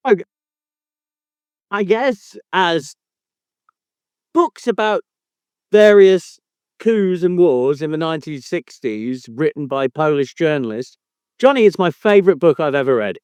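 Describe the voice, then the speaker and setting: A man hosting a casual podcast, his voice high and animated as he ribs his co-host with mock outrage and casual swearing. The sound is close and dry. He leans hard into exaggerated exasperation. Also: measured pace, pauses often, clean tone, no room sound. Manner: teasing, mock-indignant, swears freely. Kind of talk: casual chat.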